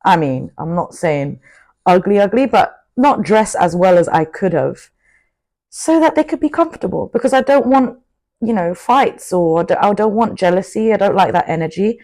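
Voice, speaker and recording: A woman's voice: mid-range voice, moderate pace. Outspoken woman vlogging. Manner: outspoken and animated, with frequent asides. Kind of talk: casual motivational monologue to camera.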